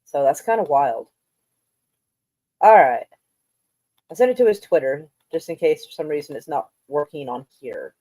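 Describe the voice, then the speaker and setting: A woman's voice: low-pitched, animated, normal speed, long pauses, mellow, no room sound. A woman hosting a casual live stream, rambling offhand and swearing now and then. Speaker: streamer host.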